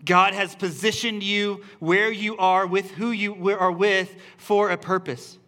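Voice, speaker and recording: High, bright-voiced man preaching a sermon. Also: steady tone, measured pace. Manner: earnest and repetitive, building emphasis with restarts. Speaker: pastor. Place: church service.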